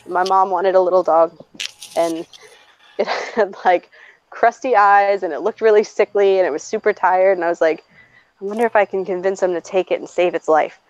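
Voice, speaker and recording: Chatting casually about her own life, a woman in her twenties is blunt and profane and laughs often as she talks. Her voice is mid-range with a darkish tone. The recording is dry and slightly dull.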